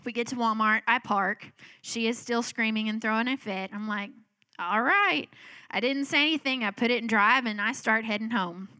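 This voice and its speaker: A middle-aged woman, telling a lively family story in a sermon and acting out the voices. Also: fairly high pitch, moderate pace, smooth, dry recording. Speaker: speaker at a church talk.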